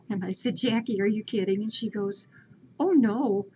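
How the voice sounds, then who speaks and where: A woman's voice: medium pitch, fairly even intonation, normal speed, darkish tone, a little hiss or hum. A woman animatedly retelling a story in casual chat, laughing often. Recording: lo-fi home video with faint ambience.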